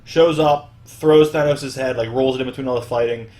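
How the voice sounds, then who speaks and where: A man's voice: mid-range voice, steady tone, fairly quick, a little mellow. A young man hosting a podcast in casual chat, recapping at length with many fillers. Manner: rambling recap full of fillers. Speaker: podcast host.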